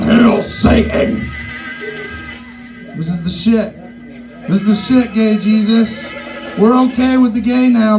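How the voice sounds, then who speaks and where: A man doing a loose, profane stand-up set in a bar, rambling and mocking himself. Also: high voice. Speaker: stand-up comic. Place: comedy bar stage.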